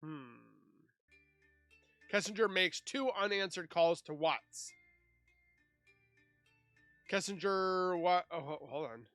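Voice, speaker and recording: Guy w/ a pretty high voice reading a timeline out loud, snarky little comments between, faint music under it. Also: slow pace, pauses often, no echo. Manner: sarcastic, scornful asides. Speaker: true crime YouTuber.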